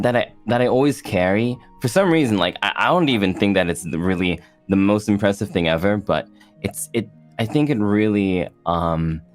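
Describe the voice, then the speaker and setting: A man chatting as a guest on a streamed talk show, rambling and halting, with many restarts. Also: sits low. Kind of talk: casual chat.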